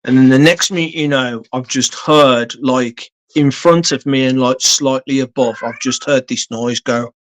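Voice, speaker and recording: A man's voice: medium pitch, steady tone, a little slow, hardly any pauses. A man telling a long story on a casual live stream, blunt and sweary, rambling with lots of fillers.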